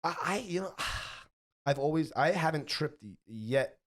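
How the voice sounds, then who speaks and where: A young man hosting a podcast, telling stories in a casual, animated, profane way. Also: a little high, measured pace. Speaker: podcast host. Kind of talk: casual chat.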